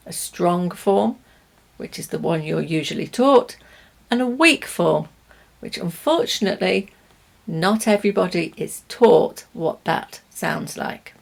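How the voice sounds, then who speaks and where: British lady teaching english, super slow and careful, a bit of gravel in her voice. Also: lowish voice. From Britain. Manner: slow and deliberate, stressing each word for learners. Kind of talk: language lesson to camera.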